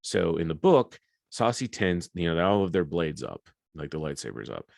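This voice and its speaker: A man's voice: low-pitched, big pitch swings, moderate pace, vocal fry, a little mellow, no room sound. A man hosting a podcast in casual chat, rambling and swearing with enthusiasm at a close mic. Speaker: podcast host.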